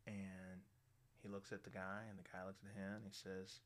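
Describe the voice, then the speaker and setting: A man's voice: low voice, completely flat delivery, normal speed. Profane rambling male podcast host. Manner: rambling, profane, lots of "you know" fillers. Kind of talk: crude casual storytelling and joke telling.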